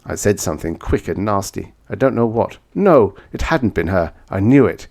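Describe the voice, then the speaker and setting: A man reading a vintage science fiction story aloud in first person, dramatic, going from hushed to shouting. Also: sits low, creaky. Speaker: audiobook reader.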